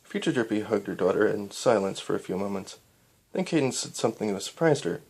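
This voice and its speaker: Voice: sits low, expressive, fairly quick, darkish tone. A reader of fan fiction, reading a story aloud in a casual way and correcting slips as they go. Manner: stumbles and corrects themselves.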